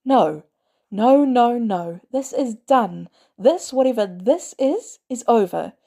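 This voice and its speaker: Woman playing a furious shouting aunt. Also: fairly high pitch, expressive, takes it slowly, gravelly, voice pushed up, exaggerated voice. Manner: loud, shouting, scolding. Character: furious protective aunt, middle-aged woman. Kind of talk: fan audiobook reading.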